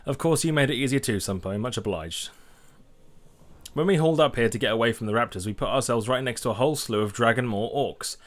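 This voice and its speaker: A man's voice: medium pitch, fast talker, lightly acted. A man voicing a hearty, folksy male excavator giving out a quest, reading the game's text aloud with a bit of flair.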